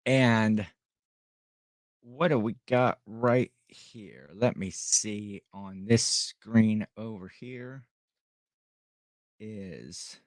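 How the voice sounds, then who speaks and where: A man's voice: lowish voice, extremely slow, long pauses, no room sound, clean studio sound. A middle-aged man from Ohio hosting a casual live stream at home, rambling and greeting viewers by name.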